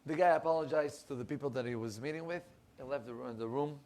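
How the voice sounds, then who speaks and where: A rabbi telling a story, animated and acting out the people in it. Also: male voice, quick pace. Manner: animated storyteller, acts out quoted voices, rising pitch in emotional lines. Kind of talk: storytelling sermon. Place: synagogue.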